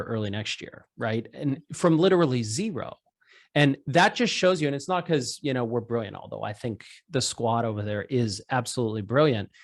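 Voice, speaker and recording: A man speaks at a middle pitch as a podcast guest, energetic and self-deprecating. He talks in quick bursts and keeps the tone casual throughout. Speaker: startup founder, guest. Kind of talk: casual interview chat.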